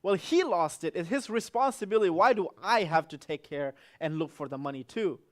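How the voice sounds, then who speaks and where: Man voicing jealous kid brother, pitched up and loud, indignant. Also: sing-song, fairly quick, heavily acted. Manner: protesting, loud and raised. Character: indignant jealous young boy.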